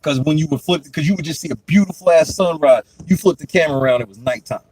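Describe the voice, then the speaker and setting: A young man and podcast host telling stories in a casual chat, profane and animated, often breaking into laughter. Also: fairly high pitch, quick pace, poor audio.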